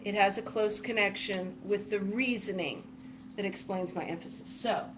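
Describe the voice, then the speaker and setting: A woman's voice: mid-range voice, background noise. A woman teacher giving a careful lecture on a text, reading passages aloud and breaking sentences down word by word. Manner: deliberate, spells out words one at a time while writing. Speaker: literature teacher.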